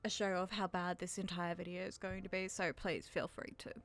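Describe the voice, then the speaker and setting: A thirty-year-old Australian channel host with an English-sounding accent, inherited from her British father, answers viewer questions to camera. She sounds nervous, self-deprecating and rambling, her fairly low, slightly bright voice delivered flatly and a little fast.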